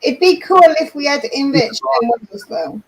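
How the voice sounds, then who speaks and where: A woman's voice: sits high, expressive, normal speed, gravelly, a little hiss or hum, low-quality recording. A woman with a Welsh accent chatting bluntly and sarcastically as co-host of a live stream. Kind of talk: casual chat.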